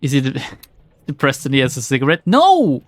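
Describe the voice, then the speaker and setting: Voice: medium pitch, flat delivery, fast, dry recording. A streamer giving casual let's play commentary in an exasperated, sarcastic tone, often swearing.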